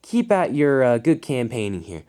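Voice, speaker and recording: A man's voice: medium pitch, sing-song, moderate pace, mellow, lightly acted. A man doing Rheneas, a wry little engine.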